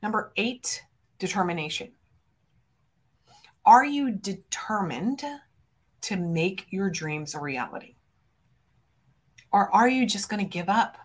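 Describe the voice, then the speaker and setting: A woman's voice: medium pitch, expressive, slow, long pauses. Fervent woman coach hyping her listeners. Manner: emphatic, fervent, punchy declarations with big swings in loudness; addresses listeners directly as friends. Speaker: business coach and podcast host. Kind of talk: motivational solo podcast talk.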